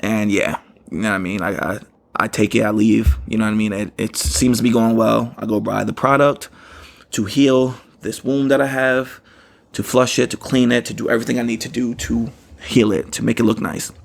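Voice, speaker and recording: A man's voice: lowish voice, fairly even intonation, normal speed, creaky. A man hosting a podcast, telling a story in a rambling casual way and often saying "you know what I mean". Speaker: podcast host.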